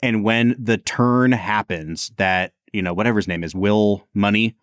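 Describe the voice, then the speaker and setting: A man's voice: lowish voice, normal speed, smooth, no room sound, clean studio sound. A man co-hosting a podcast, chatting casually about films with lots of fillers. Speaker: podcast co-host.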